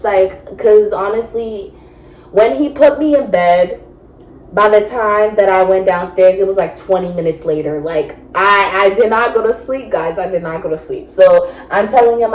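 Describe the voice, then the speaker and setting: A young woman vlogger telling a casual storytime, acting out each quote with sudden jumps in pitch. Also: expressive, moderate pace, darkish tone, reverberant, low-quality recording.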